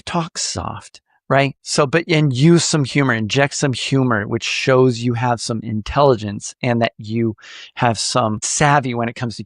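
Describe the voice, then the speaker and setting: A man hosting a podcast, coaching listeners in a lively, animated way with playful jokes. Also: mid-range voice, dry recording, clean studio sound. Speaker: podcast host.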